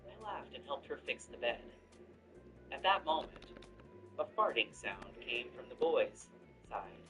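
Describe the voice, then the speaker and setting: A man narrating a first-person family story in an earnest, lively way. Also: medium pitch, measured pace, creaky. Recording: distant mic with background music.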